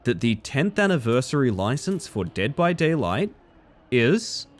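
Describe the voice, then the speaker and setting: A man's voice: mid-range voice, sing-song, unhurried. A young man streaming a game live, chatting casually with viewers and swearing freely. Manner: casual and profane, reading and answering chat. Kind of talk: casual live-stream chat while gaming.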